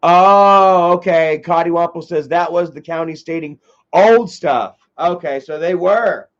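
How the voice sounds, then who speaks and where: Rambling high-voiced male streamer. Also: unhurried, muffled recording. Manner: rambling, with many filler sounds and restarts. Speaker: livestream host. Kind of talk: casual chat reading live comments.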